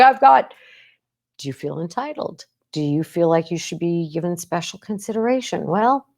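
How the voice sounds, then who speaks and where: A woman with a slightly low voice talks casually on her podcast as a psychologist. She is intense and emphatic, keeps asking "right?" and acts out the quoted lines of speech she talks about. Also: darkish tone. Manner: intense, emphatic, with frequent "right?" check-ins. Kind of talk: casual talk.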